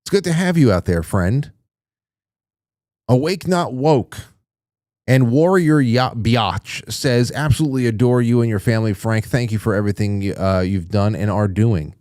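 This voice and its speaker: A man's voice: medium pitch, moderate pace, darkish tone, dry recording, clean studio sound. A man hosting a call-in show, reading viewer messages aloud in a chatty, jokey way and reacting with surprise. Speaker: radio show host.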